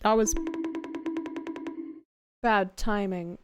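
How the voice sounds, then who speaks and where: A woman's voice: high voice, lively intonation, unhurried, long pauses, over music. A woman VTuber chatting casually on a live stream, crude and swearing freely, often breaking into squealing laughter. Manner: bursts into loud squealing laughter.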